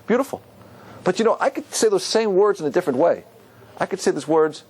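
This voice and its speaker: A man's voice: sits high, expressive, a little fast, a little mellow, husky. A man teaching a Torah class as a rabbi, quizzing his students and quoting Hebrew verses.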